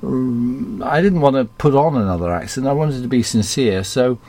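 An Englishman whose posh received pronunciation has been deliberately softened toward ordinary speech. He talks in a reflective, rambling way, restarting sentences as his thoughts shift. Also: medium pitch. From England. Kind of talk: casual conversation.

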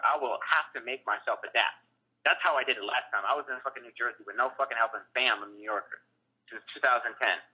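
A man's voice: mid-range voice, breathy edge. A man calling in, ranting in a profane, rambling and heated way. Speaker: caller. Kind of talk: phone-in rant. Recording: tinny phone line.

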